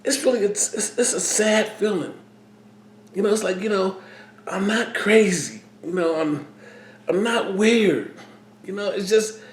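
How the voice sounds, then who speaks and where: Slow, halting man in an echoey room. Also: high voice, darkish tone. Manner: halting, emotional, repeats words. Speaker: vlogger. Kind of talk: personal talk to camera.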